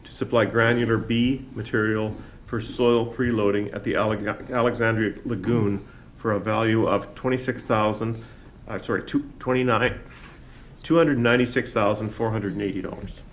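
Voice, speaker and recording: A man's voice: fairly low pitch, steady tone, moderate pace, a little hiss or hum. A man, a councillor, formally reading a motion aloud in council chambers and stumbling over the figures.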